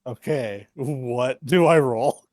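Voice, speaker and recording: A man playing in a tabletop game, chatting in an unhurried way. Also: medium pitch, darkish tone, no room sound. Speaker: player.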